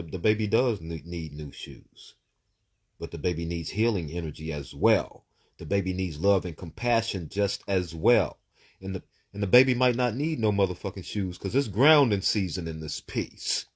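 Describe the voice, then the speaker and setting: A man's voice: low-pitched, slightly rough. A man giving casual live psychic readings to viewers. He talks in an emphatic, preachy way, swears freely, and repeats words and lists in bursts.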